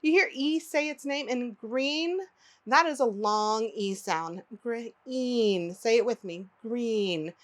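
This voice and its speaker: A woman teaching phonics to young children, pronouncing each word slowly and clearly and inviting the listener to repeat it. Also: on the high side. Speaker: early-learning teacher.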